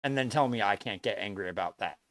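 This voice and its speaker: A man's voice: on the low side, fast talker, fairly bright tone, dry recording. A man streaming live, talking bluntly to his viewers in a lecturing way, swearing and repeating himself as he makes his point. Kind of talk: casual stream chat to viewers.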